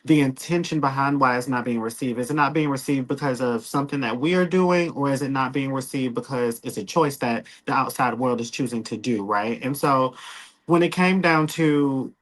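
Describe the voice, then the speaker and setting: A male interview host with a bright, sharp voice asks probing questions. He hesitates often and fills pauses with ums while he builds toward the point. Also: mid-range voice, low-quality recording. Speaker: podcast co-host.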